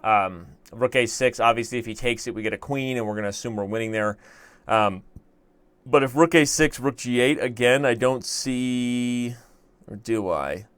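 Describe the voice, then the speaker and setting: A man's voice: medium pitch, moderate pace, fairly bright tone, clear, resonant tone, dry recording. Man, young adult, chess stream host, casual chatter, thinks aloud, self-deprecating, dry sound. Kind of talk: casual live-stream commentary.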